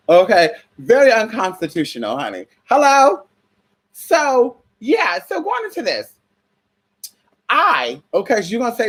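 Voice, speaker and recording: A woman's voice: a little high, sing-song, normal speed, husky. A young adult woman from the United States in a casual opinion rant, sassy and profane, calling listeners honey and girl. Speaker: spiritual vlogger.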